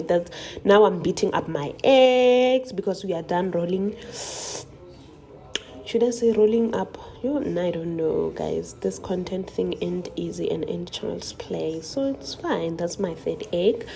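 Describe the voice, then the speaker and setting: A woman's voice: lowish voice, mellow, husky. A young South African woman hosting a cooking vlog, chatting playfully to viewers with rambling asides as she cooks. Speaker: cooking channel host. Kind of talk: casual cooking vlog narration.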